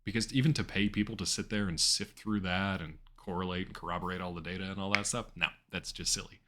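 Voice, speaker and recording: Over a noisy background, a man with a deep, steady voice talks fast while streaming a video game live. He chats casually with viewers, rambling with plenty of fillers.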